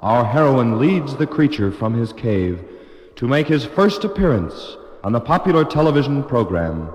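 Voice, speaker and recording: A man's voice: mid-range voice, sing-song, moderate pace, darkish tone. Mock-solemn male narrator, roomy sound.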